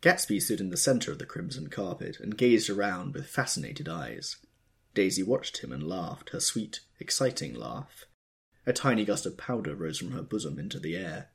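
Deep-voiced male audiobook narrator. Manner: measured, expressive storytelling.

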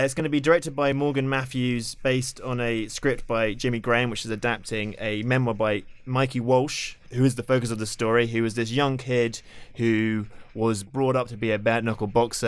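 A man's voice: medium pitch, flat delivery, fairly quick, clean tone, dry recording. A man co-hosting a podcast, trading sarcastic quips and running through film news. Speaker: podcast co-host. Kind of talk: casual banter and news rundown.

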